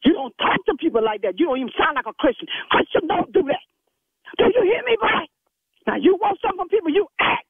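A man's voice: very high-pitched, lively intonation, dry recording. A man voicing a stern, sassy church secretary who scolds and preaches at a caller in a comedy phone skit, over a tinny phone line. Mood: indignant, scolding. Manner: scolding, preachy, quick to take offense. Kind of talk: comedic prank phone call.

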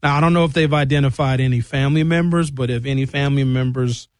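A man giving an animated, indignant casual monologue, reading figures from his notes with jokey asides. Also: mid-range voice, quick pace, no room sound. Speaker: commentator.

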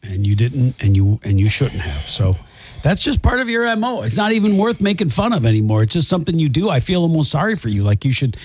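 Man, husky, lively pitch, deadpan teasing, dry sound. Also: fairly quick. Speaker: co-host. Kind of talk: casual radio-style chat.

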